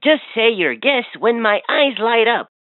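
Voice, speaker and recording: A woman's voice: fairly high pitch, lively intonation, measured pace, background noise. A woman voicing a cheerful, chatty talking toy that quizzes and teases a child in a playful sing-song. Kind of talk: toy voice lines. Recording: tinny, dry toy speaker audio.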